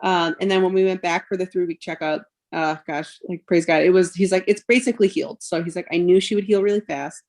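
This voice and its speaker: A podcast guest, a mother in her thirties, emotionally recounts a painful episode from her life. She speaks at a quick pace with hardly any pauses, in a fairly low, darkish voice with a steady tone. Quoted dialogue and frequent "like" and "um" run through her telling.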